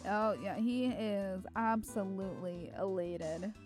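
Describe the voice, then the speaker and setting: A woman's voice: medium pitch, slow. A young woman streaming a game, joking and reading every part aloud. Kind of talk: game playthrough commentary. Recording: game music behind voice.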